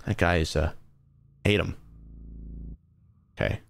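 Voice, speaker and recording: A young man chatting casually while live-streaming a horror game, rambling and animated, with his voice jumping up high whenever he is startled. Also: takes it slowly, creaky, a little hiss or hum. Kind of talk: casual gaming livestream chat.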